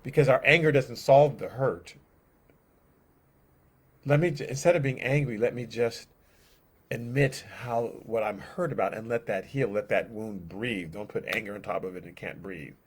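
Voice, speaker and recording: A man teaching a casual bible study, conversational and animated, often acting out the people in the story. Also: mid-range voice, moderate pace, husky. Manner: animated, acts out scenes, conversational.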